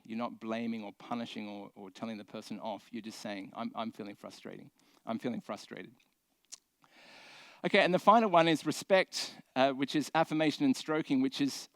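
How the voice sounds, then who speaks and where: A man's voice: mid-range voice, a bit bright, no room sound. A man giving a conference talk from a stage, speaking conversationally with many fillers and restarts.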